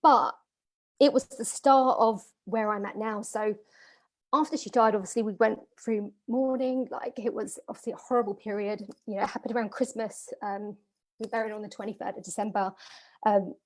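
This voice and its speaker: A woman's voice: medium pitch, steady tone, moderate pace. A woman, telling a personal story to an audience as a business coach, emotional and full of fillers and repeats. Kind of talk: personal story in a masterclass talk.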